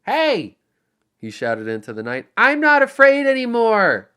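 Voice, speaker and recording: A man voicing a drunk, embarrassed cop who shouts defiantly into the night, in an audiobook. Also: medium pitch, steady tone, brisk, clear, resonant tone, lightly acted. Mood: defiant shouting.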